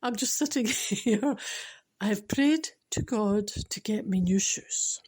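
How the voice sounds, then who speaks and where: A woman with a Scottish accent voicing a small, cold four-year-old boy in a hushed, timid way. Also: mid-range voice, lively intonation, slow pace.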